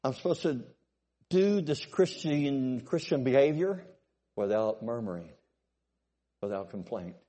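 An older man preaching a sermon to a congregation, swinging from loud exhortation to quiet, musing asides and asking for amens. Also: mid-range voice, expressive, measured pace, long pauses.

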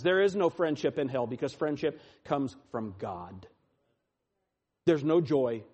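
Preaching man swinging from loud to hushed. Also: fairly high pitch, very animated, unhurried, breathy edge. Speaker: pastor. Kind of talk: sermon.

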